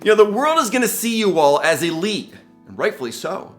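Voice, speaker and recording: A man's voice: sits high, big pitch swings, fairly quick, a bit bright, faint music behind. A middle-aged man giving a gushing motivational commencement speech, exclaiming often and calling listeners guys. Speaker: commencement speaker.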